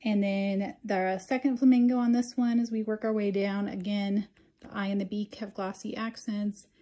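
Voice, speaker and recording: With a middle-range pitch and a soft, mellow sound, this woman hosts a craft tutorial, explaining each step in a casual, chatty way. She leans on ums to fill pauses, and her delivery comes across flat.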